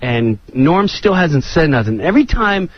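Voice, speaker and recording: A man and comedian guest telling a lively anecdote, slipping into voices of the people in it. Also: a little high, moderate pace, dry recording, muffled recording. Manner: lively, does voices of others. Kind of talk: animated storytelling.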